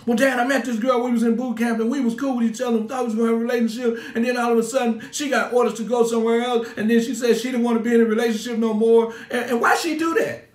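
A heartbroken eighteen-year-old son pours out his complaint in a high, whiny rush, as a man puts him on. His voice rings in a roomy church with echo around it. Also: fairly even intonation, rapid-fire. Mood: aggrieved.

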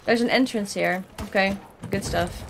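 A young Dutch-accented woman talks casually through a gaming stream, chatty and excitable, with sudden yelps. Her voice sits at an ordinary pitch for a woman. Faint gunfire and game sounds play behind her. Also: moderate pace, background noise. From Netherlands.

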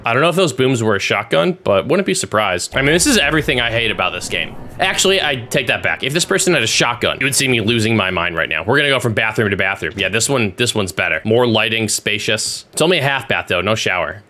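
A young man giving excitable, sarcastic commentary while spectating a shooter game, teasing the players he watches. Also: on the low side, quick pace, few pauses, slight background noise. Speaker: gaming YouTuber commentating.

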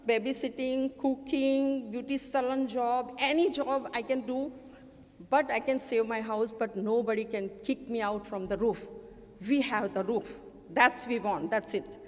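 A woman's voice: a little high, fairly even intonation, a little slow, a little mellow, in a large hall. A middle-aged woman from India with an Indian English accent, earnestly telling her own life story at a community storytelling show, voicing the people she met. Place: community event stage.

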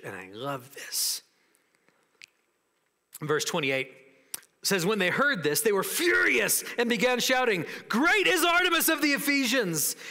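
A man preaching a sermon as pastor, animated and acting out the voices of people in the story. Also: a little high, in a large hall.

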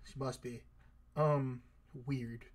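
A man giving let's-play commentary over a game, joking, excitable and swearing casually. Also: medium pitch, slow pace. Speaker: gaming video creator.

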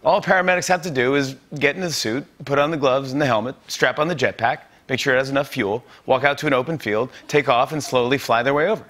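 A man's voice: medium pitch, quick pace, few pauses, a bit bright. A man in his forties hosting a late-night show, delivering a joking monologue and laughing at his own jokes. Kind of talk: comedy monologue.

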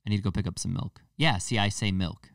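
A man's voice: on the low side, fast talker, gravelly, dry recording, studio quality, far from the mic. A young man with a New England accent, hosting a casual comedic podcast and ranting in a rambling, profane, jokey way. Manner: rambling, profane, jokey rants with sudden loud jumps. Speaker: podcast host.

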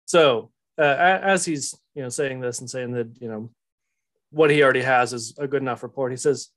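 A man's voice: mid-range voice, normal speed, long pauses, a bit bright. A man narrating as game master of a tabletop game, joking and laughing often.

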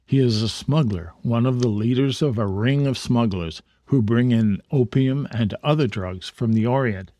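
A man reading the part of a genial middle-aged detective father, calm and measured. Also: mid-range voice, no room sound, lightly acted.

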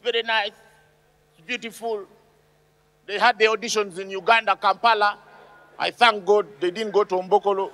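Animated stand-up, very high voice, yells the punchlines; live-stage noise underneath. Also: male voice, normal speed, pauses often. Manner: animated, shouts punchlines, acts out characters. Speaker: stand-up comedian. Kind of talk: stand-up comedy routine.

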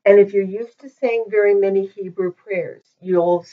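A woman teaching a language lesson in a patient, methodical way, pausing often with ums, recorded on a poor-quality microphone. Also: medium pitch, fairly even intonation. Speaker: Hebrew teacher. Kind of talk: slow explanatory lesson. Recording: dull lo-fi microphone.

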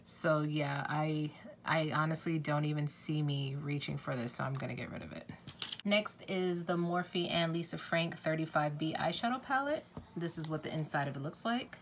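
A woman's voice: deep voice, moderate pace, a little hiss or hum. A woman talking casually to camera as a beauty vlogger, chatty and effusive, swearing now and then.

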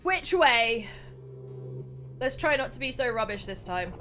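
A young British woman hosting a casual gameplay livestream, excitable, chatty and quick to mock herself. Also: on the high side, faint music behind. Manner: excitable, chatty, self-mocking. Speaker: streamer host.

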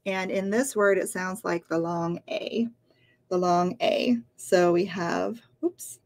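A woman's voice: on the low side, steady tone, takes it slowly, creaky, a little mellow. A woman teaching English on a livestream, repeating words patiently for learners. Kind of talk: livestream lesson.

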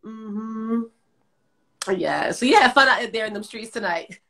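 A woman's voice: a little high, lively intonation, a little slow, pushed and bright. A middle-aged woman hosting a casual livestream chat, laughing and emotional, gushing over friends. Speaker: livestream host, former dancer.

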